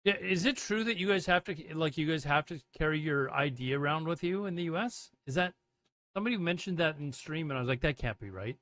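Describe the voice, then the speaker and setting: A man's voice: on the high side, a little fast, fairly bright tone. A man hosting a livestream, rambling casually and reading chat messages aloud and answering them. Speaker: livestream host. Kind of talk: casual live commentary.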